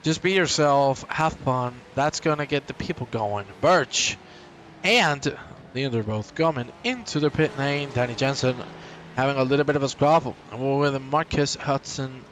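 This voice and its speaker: A man giving live sim racing commentary, energetic and joking with his co-host between race calls. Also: mid-range voice, measured pace, slight background noise.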